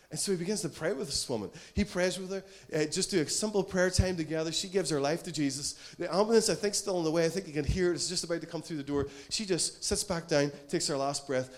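A man preaching a sermon from Ireland, earnest and storytelling, often acting out the voices in his stories. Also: sits high. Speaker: pastor.

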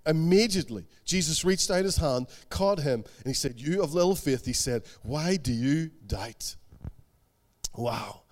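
A man preaching a sermon, animated, voicing the people in the stories he tells. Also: on the high side, measured pace. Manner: animated, acts out the quotes he tells. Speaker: pastor.

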